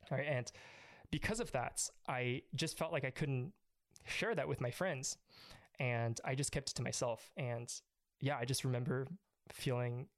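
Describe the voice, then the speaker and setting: Earnest young man telling a story. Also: medium pitch. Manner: earnest, emotional, with frequent restarts. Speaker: guest. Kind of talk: personal storytelling in an interview.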